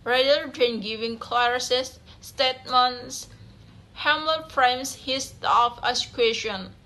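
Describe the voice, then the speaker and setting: A woman's voice: sits high, sharp tone. A young woman, reading a class presentation aloud, carefully, with small slips and self-corrections. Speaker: student presenter.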